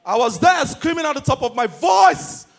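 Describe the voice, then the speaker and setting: A Nigerian man doing stand-up comedy, energetic and shouting his punchlines. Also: extremely high pitch, normal speed, vocal fry, soft background music.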